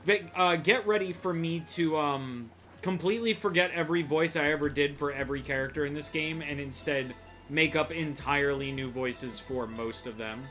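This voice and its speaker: A man's voice: on the high side, normal speed, fairly bright tone, soft background music. A man streaming a video game, chatting with viewers and joking about what he sees. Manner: jokey, chatty, greets chat. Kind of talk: casual gameplay commentary.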